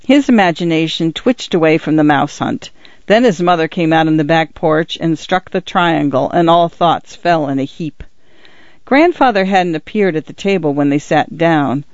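A man narrates an audiobook in a measured, even way, his voice a little high for a man. The recording sounds dull and lo-fi and completely dry, with no room sound. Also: no room sound.

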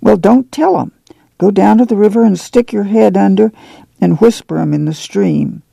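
A man voicing a stern, steady farm mother who speaks firmly in a drawl. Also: mid-range voice, normal speed, creaky, breathy edge, dry recording. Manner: firm and plain-spoken.

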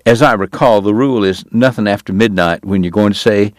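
A sardonic, genteel gentleman with a soft drawl, put on by a male narrator. His delivery sits fairly low and dry, courtly on the surface but barbed underneath. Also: fairly quick, no room sound, natural voice. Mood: genteel, wry. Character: sardonic consumptive Southern gentleman, a dentist. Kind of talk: audiobook character voice.

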